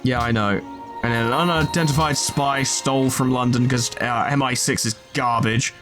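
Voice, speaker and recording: Over soft background music, a man with a medium-pitched, somewhat bright voice and fairly even intonation talks through his strategy game at a moderate pace. He's a gaming video host doing casual let's play commentary, joking, swearing, and addressing his units.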